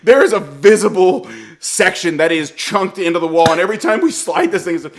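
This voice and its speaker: A man telling a comedic story, animated and profane, laughing as he goes. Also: sits high, brisk, background noise. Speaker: storyteller guest.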